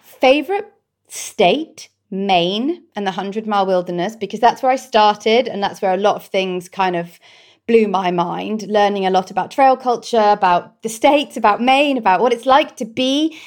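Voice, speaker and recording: A British woman, a guest in an interview, telling her story in a heartfelt, expressive way. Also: medium pitch, moderate pace. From Britain. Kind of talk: conversational interview.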